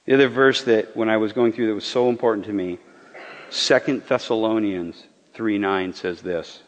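A man speaking as a pastor, giving an earnest, halting, confessional sermon testimony to his church. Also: lowish voice. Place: church hall. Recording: dull sound with long hall reverb.

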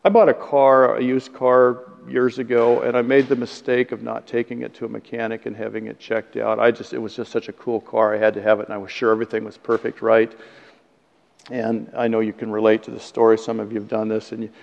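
Gravelly-voiced preacher in an echoing hall. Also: male voice, mid-range voice, flat delivery, a little fast, darkish tone. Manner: conversational, self-deprecating, chuckles at own jokes. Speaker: pastor. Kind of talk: sermon. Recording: dull sound with long hall reverb.

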